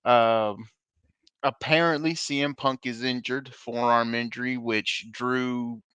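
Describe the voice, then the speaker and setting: A man's voice: medium pitch, steady tone, slow, fairly bright tone, smooth, dry recording. A man co-hosting a casual podcast, laughing often and telling jokes in funny voices. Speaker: podcast co-host. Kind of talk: casual chat.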